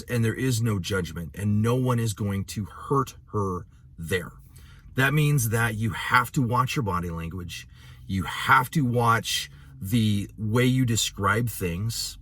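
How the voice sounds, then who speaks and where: A male midwife teaches in an earnest, heartfelt way, slipping in frequent fillers as he recounts a hard moment with a patient. His voice sits a little low and has a husky, breathy grain. The sound is dry and close, with no room around it. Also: fairly bright tone, no room sound. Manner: earnest and emotional, many "you know" fillers. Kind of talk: educational talk with personal stories.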